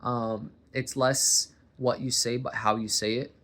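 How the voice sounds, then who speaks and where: A man from Boston talks into a camera propped on his coffee table at home. His voice sits at an ordinary middle pitch. He rambles casually, cuts himself off and circles back to his point. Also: little pitch movement, measured pace, fairly bright tone. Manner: rambling, self-interrupting, chatty. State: warm under a sweater, hat and blanket. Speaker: vlogger. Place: home living room, recording on a coffee table.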